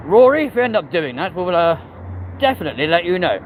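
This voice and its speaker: A man's voice: sits high, very animated, fast, slight background noise, poor audio. Cheeky London man live-streaming outdoors. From England. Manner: cheeky, sweary, chats to the live chat while walking. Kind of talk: chatty live stream banter with viewers. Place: outdoors on city streets.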